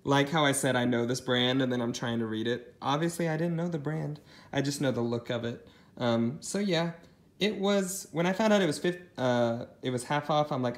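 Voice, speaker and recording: A man casually chatting as he shows off a thrift haul, rambling with lots of ums and side comments. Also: mid-range voice. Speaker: thrift reseller showing a haul. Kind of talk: casual haul vlog chat.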